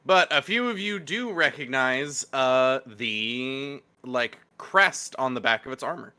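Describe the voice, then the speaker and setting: A man's voice: mid-range voice, expressive, takes it slowly, sharp tone, smooth. A man as game master on a live stream, narrating casually with hesitant fillers, recorded close to the mic at home.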